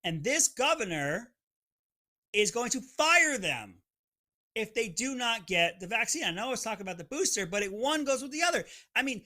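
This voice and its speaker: A man's voice: extremely high pitch, expressive, quick pace, few pauses, pushed and bright. Fired-up man hosting a live stream. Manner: fired-up, emphatic, reads viewer comments.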